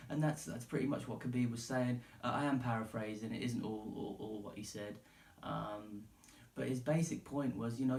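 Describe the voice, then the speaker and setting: A man's voice: mid-range voice, steady tone, normal speed, darkish tone, roomy sound, far from the mic, low-quality recording. A man hosting a solo podcast, talking casually and emphatically, swearing and calling the listener "dude". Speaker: podcast host.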